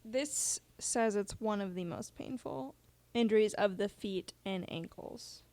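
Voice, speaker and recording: A woman's voice: mid-range voice, unhurried, a little mellow. A young woman on a casual podcast, teasing the others with a giggly manner. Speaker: podcast co-host.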